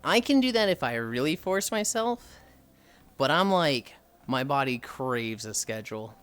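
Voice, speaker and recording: A man's voice: mid-range voice, big pitch swings, a little slow, a bit bright, clean tone. A man with a Midwestern American accent, streaming live and chatting with viewers in a rambling, swearing way while he answers their messages. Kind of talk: casual chat with viewers.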